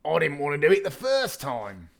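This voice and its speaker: Burglar Bill, a man doing a rough slangy crook. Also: a little high, wildly swooping pitch, normal speed, full character voice. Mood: wry. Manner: slangy, ungrammatical speech. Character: rough-spoken male burglar, gruff but kindly.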